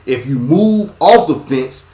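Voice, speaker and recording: Guy preaching on his sports podcast, kinda high voice, swings quiet to loud, echoey room. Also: animated, slow. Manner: repetitive, rhythmic phrasing. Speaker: podcast host. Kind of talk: preachy sports commentary monologue.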